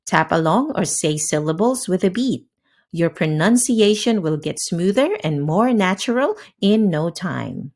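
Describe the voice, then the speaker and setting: A woman hosting a scripted language lesson, upbeat and crisply enunciating, giving drill words slowly one at a time. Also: fairly low pitch, sing-song, darkish tone. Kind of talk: scripted instructional narration. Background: faint background music.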